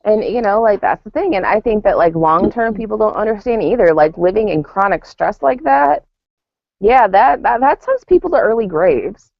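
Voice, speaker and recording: Podcast co-host, woman, animated casual storyteller, dry dull lo-fi recording. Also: medium pitch, normal speed, creaky, dry recording. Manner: animated storytelling with acted-out quotes and laughter. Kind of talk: casual chat. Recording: dull lo-fi sound.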